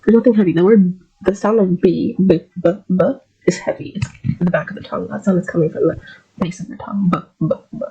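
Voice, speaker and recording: A woman coaching English pronunciation in a low, mellow, slightly husky voice. She is a little sick and stretches out every word slowly and carefully so learners can repeat after her. The recording sounds dull and lo-fi. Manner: slow, drawn-out modeling of words. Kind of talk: pronunciation lesson.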